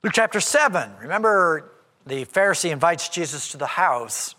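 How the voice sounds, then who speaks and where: A male preacher with a high, bright voice that swings widely in pitch, delivering an animated, conversational sermon. A long hall reverb trails behind each phrase. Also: moderate pace. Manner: animated and conversational, acts out quoted speech. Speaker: pastor.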